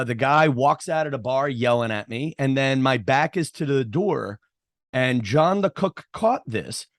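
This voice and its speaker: A man's voice: medium pitch, no room sound. Rambling man hosting a podcast, dry sound. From Irish heritage, New York area. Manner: rambling storyteller, many restarts and fillers. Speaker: podcast host. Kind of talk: casual podcast interview.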